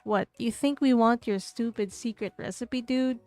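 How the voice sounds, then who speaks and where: A woman's voice: fairly high pitch, normal speed, a little mellow, lightly acted. Girl doing a snarky classmate dude, sarcastic and dismissive. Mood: mocking. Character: snarky mocking male classmate.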